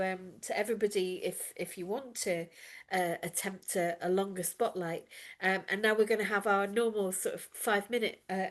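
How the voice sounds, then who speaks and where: A woman hosting an online poetry open mic, effusive and chatty, with many fillers. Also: mid-range voice. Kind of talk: casual hosting.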